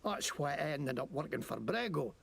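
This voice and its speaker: A man's voice: on the high side, sing-song, normal speed, vocal fry, a bit bright, breathy edge, heavily acted. An actor playing a foul-mouthed, boastful Scottish man in a video game, mocking and cursing at lawmen with a Scottish accent. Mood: scornful. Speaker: game character.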